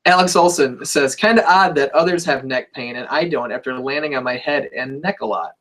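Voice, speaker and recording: A man's voice: medium pitch, brisk, fairly bright tone. Young guy hosting a loose chat show, jokey, reads comments out. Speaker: podcast host. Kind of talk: casual chat.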